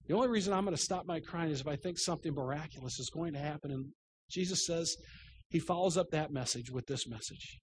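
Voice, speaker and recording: A middle-aged male pastor preaching a sermon, telling stories with self-deprecating humor and swinging between loud and hushed delivery. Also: on the high side, fast talker, slight background noise.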